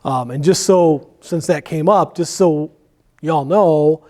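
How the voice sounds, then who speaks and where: A man's voice: on the high side, slow, a little mellow. Give me a man firefighter answering questions in a loose, rambling way. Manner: candid, rambling, with many fillers. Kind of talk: conversational Q&A in church.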